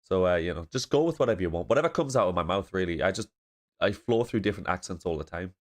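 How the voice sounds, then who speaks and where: A man's voice: low voice, animated, fast. A man from northeast England with a blocked nose, chatting casually and laughing as he reacts to a show. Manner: chatty, laughing, swearing freely.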